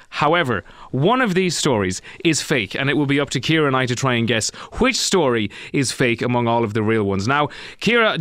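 A man with a bright, forceful voice and a slightly high pitch, hosting a radio show with playful, mock-boastful banter. The sound is close and dry, with no room around it. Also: dry recording. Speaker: radio host. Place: radio studio.

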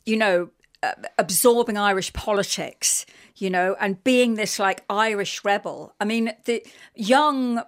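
A middle-aged woman with a London accent, a radio guest telling an animated, emotional story with many fillers. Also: medium pitch, measured pace. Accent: London English. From England. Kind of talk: casual radio interview chat.

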